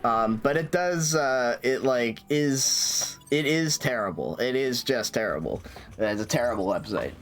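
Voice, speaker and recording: A man's voice: mid-range voice, animated, measured pace. Rambling, swearing male streamer. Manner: rambling, profane, many fillers and restarts. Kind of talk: casual stream chatter.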